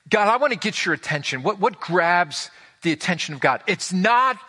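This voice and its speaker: A male pastor in his forties delivers a conversational sermon in a gravelly, bright voice. He acts out the people in his stories and swings from loud, lively moments to hushed ones. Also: mid-range voice.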